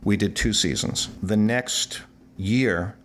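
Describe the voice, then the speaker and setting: A man in his sixties, a musician guest in an interview, telling stories with animated energy and acting out the voices in his anecdotes. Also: lowish voice, takes it slowly, a little hiss or hum. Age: 60s. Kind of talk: storytelling interview.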